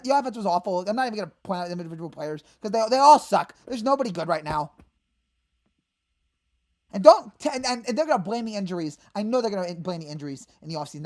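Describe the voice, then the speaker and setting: A woman hosting a fan channel, ranting in exasperation about her team and breaking into sudden shouted outbursts. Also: medium pitch. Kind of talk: angry fan rant.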